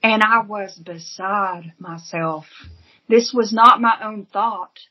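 A woman's voice: medium pitch, takes it slowly, husky, dull audio. A woman giving an earnest, emotional personal testimony as an interview guest, telling her story vividly.

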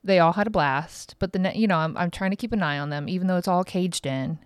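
A woman in her thirties talks through her podcast in a loose, rambling way, frank and quick to swear. Her voice sits low and comes across smooth and clear. The sound is dry and close, with no room around it. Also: no echo. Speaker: podcast host. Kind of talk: casual monologue.

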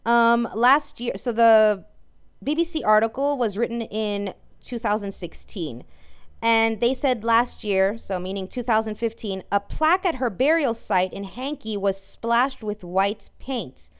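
Woman vlogger, fiery profane ranter, smooth clear tone, slightly high-pitched. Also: measured pace. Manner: heated, profane, swears often; stumbles and restarts mid-sentence. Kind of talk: angry commentary rant.

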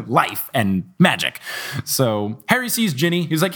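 A young man hosting a casual podcast chat, retelling a story with quick put-on character voices and frequent laughter. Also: mid-range voice, sing-song, breathy edge. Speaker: podcast host. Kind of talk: casual chat recapping a book.

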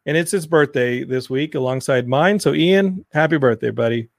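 A man hosting a casual podcast chat, telling stories with energy and acting out what people said in a higher voice. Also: moderate pace, creaky, dry recording, clean studio sound. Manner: animated storytelling, acts out quotes in a higher voice. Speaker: podcast host. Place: Los Angeles.

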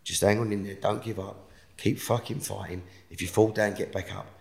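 Gravelly, earnest man, roomy sound. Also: on the low side, fairly even intonation, moderate pace. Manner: earnest, forceful motivational talk. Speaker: guest. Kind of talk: casual interview chat. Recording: roomy echo.

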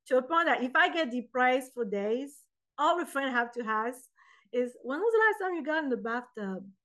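Animated woman. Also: a little high, low-quality recording. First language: French. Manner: animated, acts out quoted voices. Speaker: guest poet and author. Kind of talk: casual interview chat.

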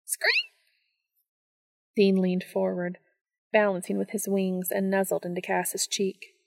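A woman narrating a romance story aloud in a calm, soft storytelling manner. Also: mid-range voice, unhurried, creaky, very noisy.

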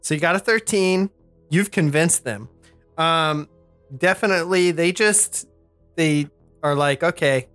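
A man's voice: on the high side, measured pace, pauses often, a bit bright, clean tone, no echo, faint music behind. A man running a tabletop game as game master, rambling with many fillers. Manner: rambling, lots of "like" and "you know".

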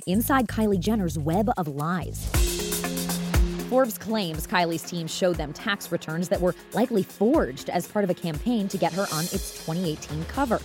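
Woman news correspondent over music. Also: lowish voice. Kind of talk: scripted news narration.

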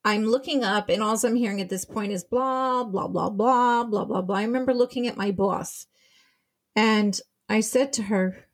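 A woman's voice: mid-range voice, moderate pace. A woman, a bereaved mother, telling her story as a guest, quoting the people involved and sounding shaken as she retells it. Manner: retelling events with quoted dialogue, shaken. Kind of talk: emotional personal account.

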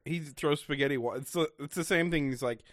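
Deadpan young man cracking dry jokes. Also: a little high, a little fast, no echo. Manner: dry, deadpan quips, hesitant restarts. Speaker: podcast co-host. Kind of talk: casual recap chat.

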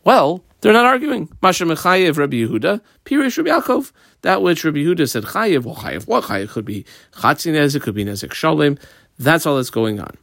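A man teaching a Talmud page line by line, explaining each phrase and marking up the text as he goes, sometimes quick, sometimes slow and stressed. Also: a little high, big pitch swings, gravelly, a bit bright, no room sound, clean studio sound. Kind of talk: page-by-page study lesson.

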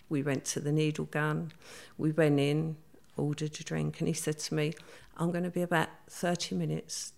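Her voice low-pitched and creaky, an older woman tells stories from her life as an interview guest. She's chatty and acts out the voices of people she quotes.

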